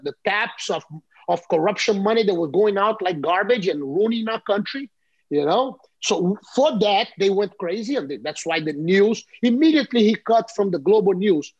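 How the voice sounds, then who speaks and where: A Brazilian-accented man in his fifties tells stories animatedly as an interview guest, often repeating and restarting his words in the casual conversation. His voice is high-pitched and slightly rough, and the audio sounds dull.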